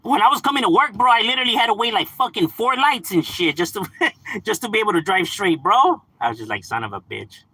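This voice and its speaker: A bright, bouncy man's voice, swinging high and low as he chats casually on a livestream. His tone is husky and close to the mic. He is full of slang, slips into Spanish, and laughs easily. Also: big pitch swings, fast, dry recording. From Los Angeles, California. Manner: slangy, laughs often, switches into Spanish words. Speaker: livestream host reading chat.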